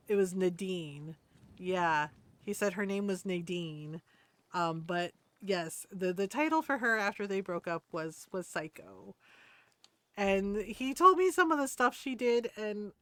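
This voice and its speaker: A middle-aged woman streams a game while rambling through a casual story full of fillers and laughter. Her medium-pitched voice is a bit bright, and the recording is dry.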